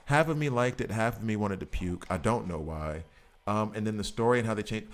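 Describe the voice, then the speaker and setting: A man streaming a game, chatting casually in a rambling, jokey way. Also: lowish voice. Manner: animated, rambling, jokey, breaks into quick voices. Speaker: gaming streamer. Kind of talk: casual chat while gaming.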